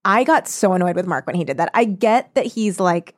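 A woman chatting casually about a book, giggly and animated, swearing for comic effect. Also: fairly low pitch, brisk. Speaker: podcast co-host discussing a book. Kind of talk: casual chat.

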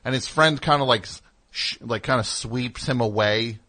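A man's voice: mid-range voice, moderate pace, sharp tone. A man hosting a radio show, telling a story in a casual, rambling way with wry asides in the studio.

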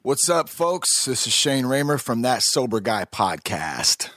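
Podcast host guy, laid back and halting, sounds a bit off-mic, dry. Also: mid-range voice, very animated, a bit bright, no room sound. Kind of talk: casual podcast chat.

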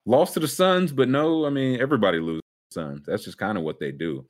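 A man's voice: mid-range voice, a little fast. A man co-hosting a podcast, joking loosely in casual sports chat, often trailing off and restarting. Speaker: podcast co-host.

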